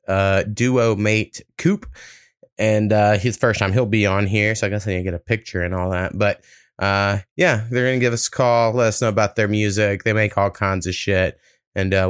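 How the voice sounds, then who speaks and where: A man's voice: lowish voice, clean tone, no room sound, clean studio sound. A man hosting a podcast in a loose, laid-back way, swearing often. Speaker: podcast host. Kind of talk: casual podcast chat.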